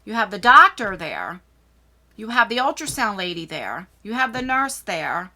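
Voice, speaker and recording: A woman's voice: mid-range voice, big pitch swings, moderate pace, pushed and bright. A woman in her forties telling a personal story in a vlog, emotional and rambling, often restarting her sentences. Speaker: vlogger.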